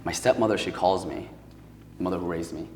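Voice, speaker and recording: A man from Paterson, New Jersey, appearing as a podcast guest, tells a personal story in a deep, darkish voice with fairly even intonation and a brisk pace. The recording has a long reverb tail and a little hiss or hum. He sounds casual and emotional, using lots of "like" and "um."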